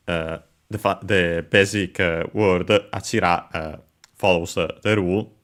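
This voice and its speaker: A man teaching Japanese vocabulary while playing a game, explaining carefully in halting phrases full of pauses and fillers. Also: low voice, a bit bright. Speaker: language teacher.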